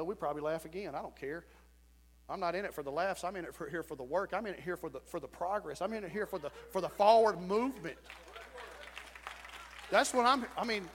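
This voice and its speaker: A man preaching a sermon as pastor in a church, folksy and animated, with sudden loud shouts. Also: a little high. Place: church sanctuary. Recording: church sanctuary with long reverb.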